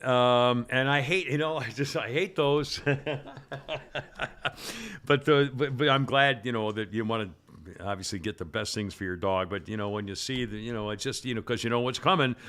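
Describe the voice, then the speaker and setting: Bright-voiced man chatting, halting and rambling. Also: mid-range voice, clear, resonant tone. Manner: rambling, halting restarts, gets choked up. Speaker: radio show co-host. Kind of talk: casual chat.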